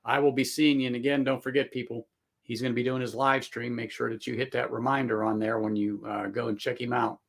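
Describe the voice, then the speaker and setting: A man's voice: medium pitch, level tone, brisk, vocal fry. A man hosting a casual livestream chat, rambling with many fillers and restarts and laughing often. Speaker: livestream host.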